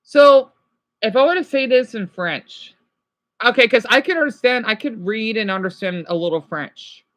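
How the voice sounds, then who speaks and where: A man's voice: high voice, lively intonation, moderate pace, a bit bright, dry recording. Rambling man chatting live with viewers. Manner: rambling, self-correcting, drops in French phrases. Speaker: livestreamer answering viewers. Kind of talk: casual live-stream chat.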